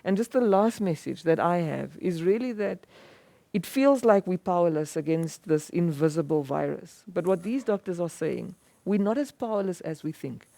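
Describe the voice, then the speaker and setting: A woman's voice: fairly low pitch, animated, moderate pace, vocal fry, warm tone, no room sound. A woman moderating a panel discussion, summing up earnestly and thanking the guests.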